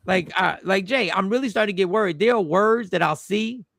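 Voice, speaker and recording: A man's voice: high voice, brisk, creaky, fairly bright tone, no echo, clean studio sound. A man hosting a casual livestream, joking loosely and swearing now and then. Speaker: livestream host.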